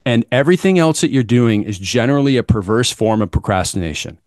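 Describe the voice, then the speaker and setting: A man's voice: mid-range voice, animated, fast, a little mellow, no echo. Male business coach, punchy motivational delivery, dry close sound. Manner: emphatic and blunt, with dismissive asides.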